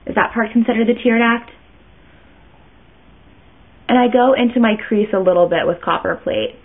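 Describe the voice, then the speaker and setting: A woman's voice: a little high, moderate pace. Chatty woman, tinny lo-fi sound. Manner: chatty, rambling, self-interrupting. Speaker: beauty vlogger. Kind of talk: casual makeup tutorial.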